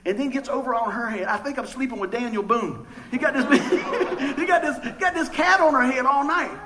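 In poor-quality audio, this pastor's extremely high, sharp voice moves at a moderate pace. His sermon is casual and folksy, with joking anecdotes broken up by many stammered restarts.

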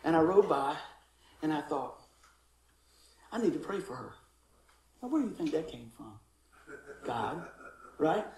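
High-voiced, animated man preaching. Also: a little slow, long pauses, reverberant, rough recording. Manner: animated storytelling, acting out voices. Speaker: pastor. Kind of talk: sermon.

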